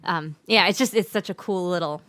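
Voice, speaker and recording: A woman singer-songwriter chatting between songs on a livestream, chatty and quick to laugh. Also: on the low side, fairly bright tone, slight background noise. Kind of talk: casual chat between songs.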